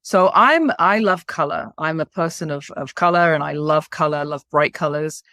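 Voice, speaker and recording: A woman's voice: sits low, normal speed, sharp tone, no room sound, clean studio sound. A woman in her fifties from the United Kingdom, a leadership coach being interviewed on a podcast. She speaks enthusiastically and at length. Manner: enthusiastic and talkative.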